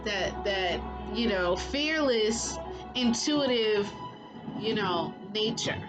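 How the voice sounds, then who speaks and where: A woman's voice: mid-range voice, animated, takes it slowly, over music, rough recording. A woman giving casual spiritual commentary as a vlogger, rambling and leaning heavily on filler phrases. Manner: rambling, heavy on "you know" fillers.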